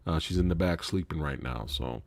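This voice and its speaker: Rumbling low with vocal fry, the host moves fairly quickly through profane, animated stories on his casual live stream, breaking into frequent laughter. There's no echo on the recording.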